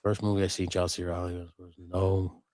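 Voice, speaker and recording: On a live customizing stream, a co-host keeps up a loose, rambling chat full of swearing and topic-hopping. He speaks briskly in a low, level voice with a darkish tone, recorded dry.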